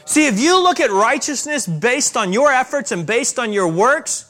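A man preaching a sermon as a pastor, with emphatic rises and slow, stressed repetitions. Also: extremely high pitch, animated, bright, forceful tone.

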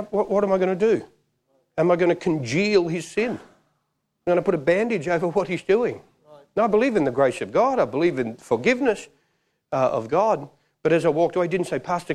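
A middle-aged man preaching a sermon and telling stories, acting out the voices in them. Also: sits high. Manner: animated, acts out quoted voices. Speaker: pastor. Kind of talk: sermon with storytelling.

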